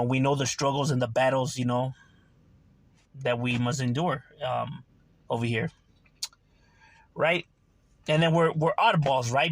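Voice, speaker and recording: A man talking casually to his channel, full of slang and "you know" fillers. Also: mid-range voice. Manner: streetwise slang, frequent "you know" and "right". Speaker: channel host. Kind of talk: casual monologue to camera.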